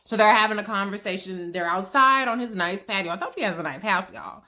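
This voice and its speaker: Bright-voiced woman with a foul-mouthed, chatty delivery. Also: mid-range voice, fast talker, hardly any pauses. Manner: profane, chatty, acts out quotes. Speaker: TV episode recap host. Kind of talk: casual vlog recap.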